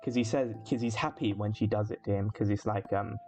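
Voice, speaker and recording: A man's voice: fairly low pitch, brisk, darkish tone. A man co-hosting a casual chat breaking down an anime episode, rambling with fillers and swearing. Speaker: podcast co-host. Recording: lo-fi with music behind.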